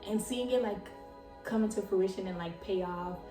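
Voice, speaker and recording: Excitable young woman chatting off-mic. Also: mid-range voice, normal speed, roomy sound, distant mic, music in the background. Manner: excitable, chatty, full of "like" and laughs. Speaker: podcast host. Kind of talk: casual chat.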